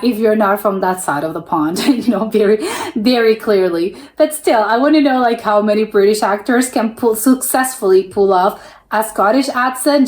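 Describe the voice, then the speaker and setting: American woman, reaction host; chatty and rambling, thinks out loud, slightly high pitch. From United States. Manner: chatty, musing aloud, rambling with many restarts. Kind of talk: casual reaction commentary.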